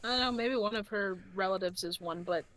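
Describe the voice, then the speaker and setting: A woman's voice: medium pitch, fairly quick, a bit bright, slight background noise, rough recording. A woman playing a tabletop game, chatting and joking with the group. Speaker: player. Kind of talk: casual tabletop game chat.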